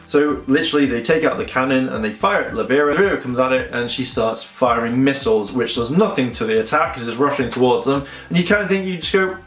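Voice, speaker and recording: A man's voice: medium pitch, fast talker, hardly any pauses, a bit bright. A man giving a casual, rambling and sarcastic episode review. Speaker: fan reviewer. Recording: roomy echo, faint music behind.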